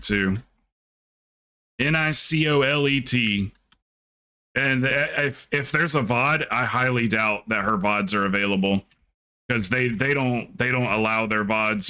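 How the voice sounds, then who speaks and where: A man's voice: mid-range voice, pushed and bright. A young man livestreaming, chatting casually and rambling through a story while acting out the people in it. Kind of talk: casual stream chat.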